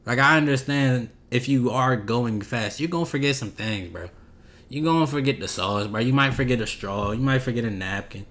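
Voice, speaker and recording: A man's voice: mid-range voice, normal speed, fairly bright tone. Laid-back rambling male podcaster. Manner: laid-back, rambling, slangy, drifts off topic. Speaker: podcast host. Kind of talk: casual solo podcast chat.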